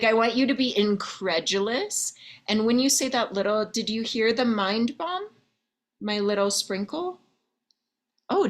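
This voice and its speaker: A woman love coach talking to her viewers in a chatty way, with many "okay?" and "like" asides and calling them ladies, honey and babe. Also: on the low side.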